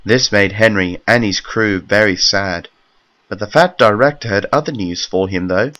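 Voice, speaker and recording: A man narrating a fan-made railway story in a plain, steady reading voice. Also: on the low side, moderate pace.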